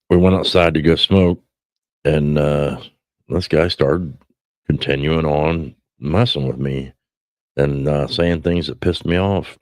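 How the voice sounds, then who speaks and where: A middle-aged podcast host with a bass voice and a darkish tone tells stories in casual chat, rambling, cursing, and often restarting. The recording is dry.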